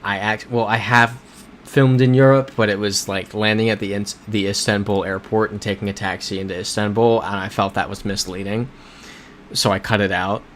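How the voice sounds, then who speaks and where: A man with a lowish voice hosts a casual livestream from a home desk mic. He rambles, corrects himself mid-sentence and reads out viewer comments. Faint background noise hums underneath. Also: flat delivery, moderate pace, fairly bright tone. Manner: rambling, self-correcting, chatty with chat. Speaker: livestream host playing a geography game. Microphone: desk microphone.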